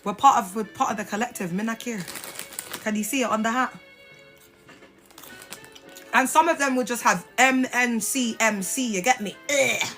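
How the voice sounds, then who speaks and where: Woman, blunt and sassy, bright tense voice, casual phone live stream, faint music behind. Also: fairly high pitch, moderate pace, pauses often. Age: adult mother. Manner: blunt, sassy, swears freely.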